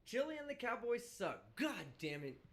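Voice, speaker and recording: A brash man hosts his live stream and swears freely in a casual, animated rant. His voice sits high and swings widely from line to line. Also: normal speed. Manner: brash, vulgar, animated ranting. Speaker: livestream host. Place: indoors, traveling.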